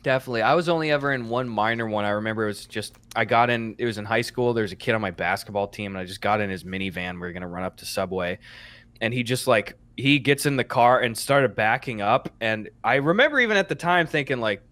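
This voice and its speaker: A young man co-hosting a podcast, telling a story in casual chat, animated and swearing casually. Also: lowish voice, fast. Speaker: podcast co-host.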